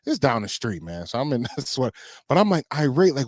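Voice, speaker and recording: A man co-hosts a podcast with an easygoing, conversational delivery and a mid-pitched voice. He tells stories and turns questions to his co-host. The recording is dry and close. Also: big pitch swings, fast talker, dry recording. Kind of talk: casual chat.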